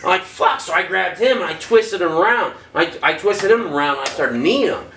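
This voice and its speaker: A high, bright-voiced man spins profane stories, his pitch leaping up whenever he acts out what other people said. He sounds a little distant from the mic in a roomy space, with faint ambience behind him. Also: lively intonation, fairly quick, slight background noise. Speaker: podcast guest, former prisoner. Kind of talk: casual storytelling.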